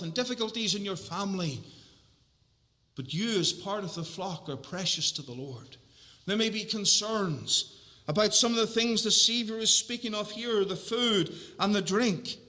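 A man preaching a sermon earnestly, repeating key phrases for emphasis and slowing down on them. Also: high voice, pushed and bright, big-room sound.

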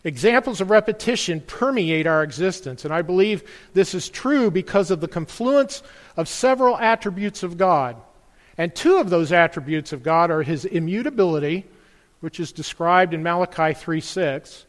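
A man's voice: high voice, normal speed, in a large hall. A man preaching a sermon to his congregation, earnest and full of rhetorical questions. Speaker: pastor.

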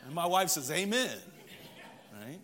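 A middle-aged man, preaching a sermon in church and telling stories, shifting between loud emphatic stretches and low quiet ones. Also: lively intonation, moderate pace. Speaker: pastor. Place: church sanctuary.

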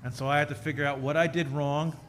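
A man's voice: fairly high pitch, level tone, quick pace, a bit bright, slight background noise. A middle-aged man preaching a sermon with folksy humor and joking asides, building to fervent preaching. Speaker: pastor.

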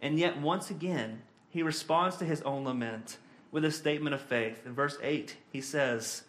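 A man's voice: a little high, a bit bright. Earnest man preaching a sermon. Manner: earnest, reads scripture slowly, frequent "uh" and "you know". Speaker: pastor.

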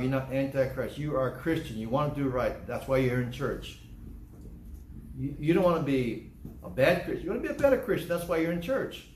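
A man's voice: fairly high pitch, roomy sound, a little hiss or hum. An older man preaching a sermon as pastor, emphatic and repetitive, acting out excuses people give. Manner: emphatic, repetitive, acts out church members' excuses. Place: church.

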